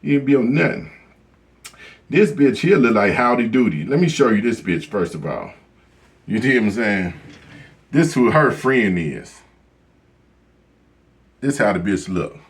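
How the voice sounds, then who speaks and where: A man's voice: fairly low pitch, big pitch swings, measured pace, long pauses. A man telling a story as a profane, blunt rant, cursing constantly and repeating "you know what I'm saying". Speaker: vlogger.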